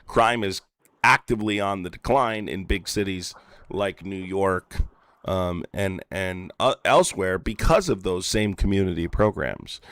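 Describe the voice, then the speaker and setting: A man's voice: deep voice, lively intonation, measured pace, a bit bright, no echo. A man hosting a call-in political debate, pressing and insistent as he argues. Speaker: political streamer and activist.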